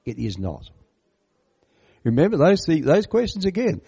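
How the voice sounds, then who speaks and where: A man's voice: a little high, moderate pace, vocal fry, slightly rough. A man preaching a sermon on a Bible parable. He is emphatic and keeps putting questions to his listeners. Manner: animated, emphatic, asks the listeners questions and comments on the text.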